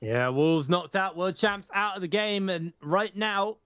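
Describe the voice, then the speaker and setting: A man casting a live esports match, energetic and rambling, often correcting himself mid-sentence. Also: high-pitched, a little slow. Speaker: esports caster. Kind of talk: live esports play-by-play commentary.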